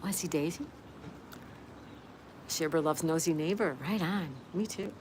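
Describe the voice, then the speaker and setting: A woman's voice: deep voice, moderate pace, noisy background. A middle-aged woman hosting a casual livestream, reading out viewer comments in a chatty, friendly way. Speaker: livestream host.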